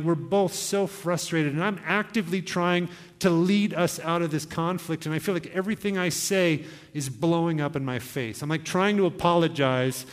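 A young male pastor preaching an earnest, exhorting sermon to his church. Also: fairly high pitch. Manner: earnest, exhorting, with quoted asides. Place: church hall. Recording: long hall reverb.

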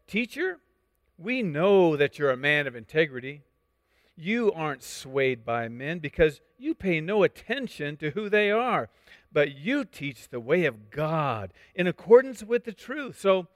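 Male pastor, slightly high voice, chatty explanatory sermon delivery, long hall reverb. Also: a bit bright, studio quality. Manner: conversational, explanatory, with asides and restarts. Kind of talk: sermon teaching.

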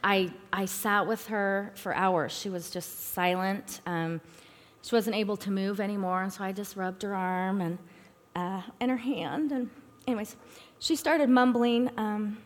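A middle-aged woman giving a personal testimony at a church talk, earnest and halting, with frequent fillers. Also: medium pitch, fairly even intonation. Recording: long reverb in a hall.

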